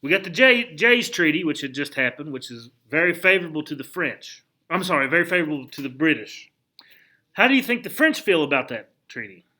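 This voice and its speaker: A man teaching a history class in a lively, conversational lecture, often putting rhetorical questions to the students. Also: fairly high pitch, a little fast. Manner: conversational, frequent restarts.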